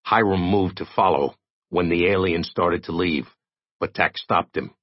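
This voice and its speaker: A man reading an audiobook in expressive scripted narration, on a dry, dull recording. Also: low-pitched, normal speed, husky, dry recording.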